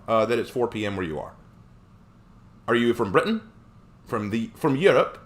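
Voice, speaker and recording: A man's voice: mid-range voice, normal speed, long pauses. A man live streaming who chats casually with viewers, reads their comments aloud and jokes around. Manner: animated, joking.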